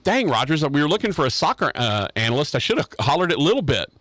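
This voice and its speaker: A man's voice: on the high side, very animated, quick pace, a bit bright, no echo. A man hosting a casual sports radio show, rambling and joking with restarts. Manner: rambling, joking, repeats himself. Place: radio studio.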